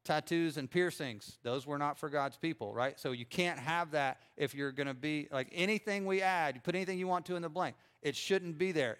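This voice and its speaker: A middle-aged pastor preaching a sermon in a conversational way, with frequent fillers and restarts. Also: male voice, on the high side, brisk, hardly any pauses, a bit bright.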